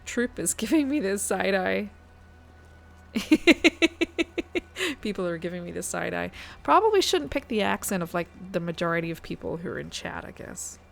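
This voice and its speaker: Gravelly-voiced New woman streamer. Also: fairly low pitch, big pitch swings, moderate pace, pauses often, faint music behind. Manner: chatty, thinks aloud, talks to chat. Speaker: guest streamer. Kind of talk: casual live-stream chat while gaming.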